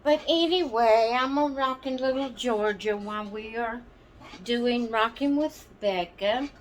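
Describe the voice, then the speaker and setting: A woman's voice: fairly high pitch, a little slow, slight background noise. A woman hosting her doll channel, chatting casually and rambling to viewers with plenty of ums and asides. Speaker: doll channel vlog host.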